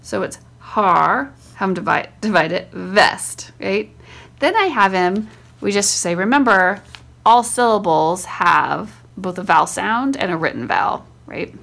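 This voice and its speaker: A woman with a mid-range voice and a gravelly, fry-edged texture walks through a homeschool spelling routine. She talks in a relaxed, chatty way, slowing down to sound out words syllable by syllable. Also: medium pitch. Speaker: homeschool teacher. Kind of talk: casual teaching demonstration.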